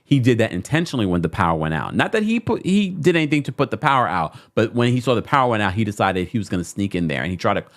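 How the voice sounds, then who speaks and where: Casting: opinionated New man hosting a chatty podcast, lively and animated. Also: on the low side, rapid-fire, few pauses. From New York. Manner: animated and opinionated, talks straight to listeners. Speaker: podcast host. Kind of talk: casual pop-culture commentary.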